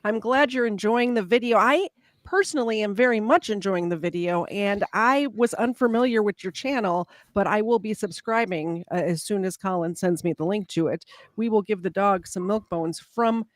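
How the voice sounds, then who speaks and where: A woman's voice: medium pitch, normal speed, no echo. A woman from Chicago chatting on a live stream after several drinks, giggling and thanking viewers by name. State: has been drinking. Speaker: stream co-host. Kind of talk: casual chat.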